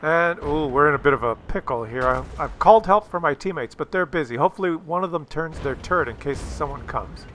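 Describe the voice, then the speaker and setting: A man hosting his own gaming video, talking through gameplay in a rambling, jokey and excitable way. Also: a little high, a little fast, hardly any pauses, a little hiss or hum. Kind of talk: casual gameplay commentary.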